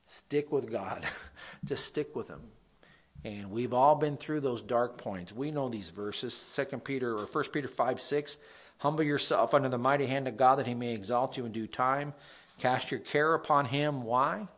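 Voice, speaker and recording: A man preaching a sermon, reading scripture loudly and with force, then dropping to quiet, folksy asides and stories. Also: medium pitch, normal speed. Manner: rises to loud emphatic scripture reading, drops to quiet asides; folksy storytelling.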